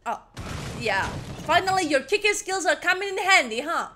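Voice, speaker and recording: A woman's voice: very high-pitched, sing-song, moderate pace, background noise. A young woman commenting casually while playing a game, jumpy and chatty, mocking herself. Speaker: gaming streamer. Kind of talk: casual let's-play commentary.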